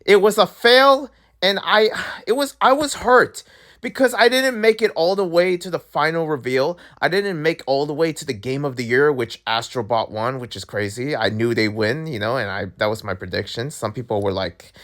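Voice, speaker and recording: A young man who makes gaming videos, talking straight to his viewers in a casual, excitable rant. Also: on the high side, moderate pace. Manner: animated, excitable, talks to viewers directly. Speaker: gaming YouTuber.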